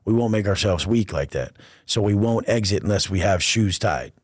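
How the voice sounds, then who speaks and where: A man's voice: fairly low pitch, lively intonation, normal speed, slightly rough, no echo, clean studio sound. A man as a podcast guest, telling stories in casual, profane street slang and acting out the people he quotes. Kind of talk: casual storytelling interview.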